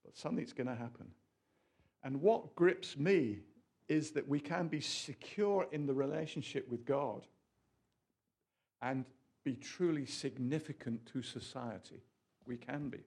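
A man preaching a sermon in an animated, rambling way, full of asides and questions to the audience. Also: medium pitch, a little slow, breathy edge.

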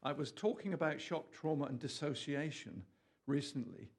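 Animated guy preaching, jokes with the crowd, high-ish voice. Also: moderate pace. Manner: animated, jokey, asides to the audience. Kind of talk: lively sermon to a small group.

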